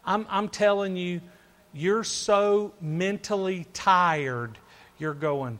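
A man's voice: sits high, slow, fairly bright tone. A man preaching a sermon, emphatic and repetitive, firing off rhetorical questions to his listeners.

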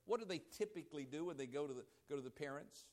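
High-voiced preaching man, dramatic swings. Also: expressive, rapid-fire. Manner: dramatic swings between loud emphasis and low quiet asides, acting out voices in quotes. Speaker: pastor. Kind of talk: sermon.

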